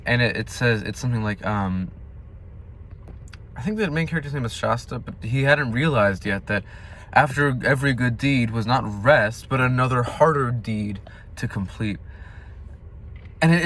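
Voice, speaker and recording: Speaking at medium pitch, a young man vlogs a personal reflection on his faith. He's earnest and confessional, though now and then he flares into loud, impassioned outbursts.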